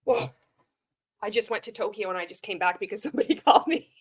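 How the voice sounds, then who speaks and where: A woman's voice: medium pitch, lively intonation, fast talker, slightly rough. A woman mockingly imitating a smug, self-important male recruiter. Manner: mocking, sarcastic.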